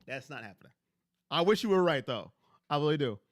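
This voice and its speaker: A man's voice: a little high, big pitch swings, fairly quick, dry recording. A man hosting a casual fan livestream on a headset mic, talking emphatically and repeating himself as he speaks straight to his chat.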